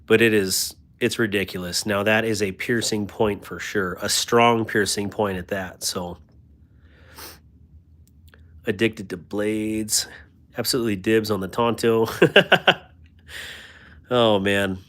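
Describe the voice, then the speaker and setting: A man's voice: fairly low pitch, steady tone, measured pace. A man hosting a casual livestream, chatting about knives, reading viewer comments and joking about himself. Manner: chatty and self-deprecating, thanks viewers warmly. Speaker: host of a knife livestream.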